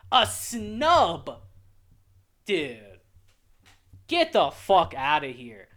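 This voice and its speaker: Reacting to a list on his channel, a young anime reviewer rants in a heated, profane, exasperated way. He speaks slowly with frequent pauses, in a high, bright, forceful voice that swings hugely in pitch.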